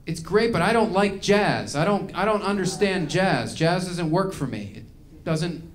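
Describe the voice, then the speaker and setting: A man works through a live stand-up set in a small venue. His voice sits a little higher than most men's. He rants, rambles and swears freely as he goes. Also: animated, measured pace. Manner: ranting, profane, rambling. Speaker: stand-up comedian.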